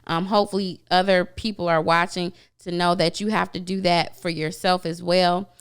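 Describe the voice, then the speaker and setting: A woman's voice: on the low side, flat delivery, normal speed, smooth. A woman hosting a faith-based talk show, affirming her guest and steering the conversation. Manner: warm affirming listener, supportive.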